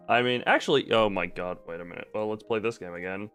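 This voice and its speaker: A man's voice: on the low side, quick pace, smooth. A man chatting casually on a stream, rambling and self-deprecating, into a desk microphone at home. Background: soft background music.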